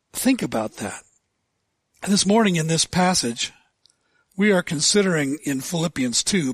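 A male pastor preaching a sermon, asking rhetorical questions with deliberate emphasis. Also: fairly high pitch, no echo.

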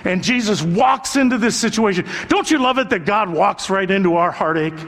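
An older male pastor delivers a sermon in an earnest, conversational way, leaning on repetition for emphasis. His voice sits high for a man. It rings out with a long reverb, as in a big hall. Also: expressive, moderate pace, fairly bright tone.

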